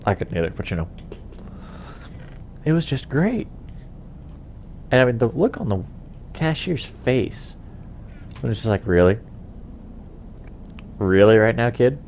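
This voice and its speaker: Gravelly, rambling young man. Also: medium pitch, sing-song, a little slow, pauses often, darkish tone, slight background noise. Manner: rambling, chuckling, lots of fillers. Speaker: gaming channel host. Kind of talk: casual chat while playing a game.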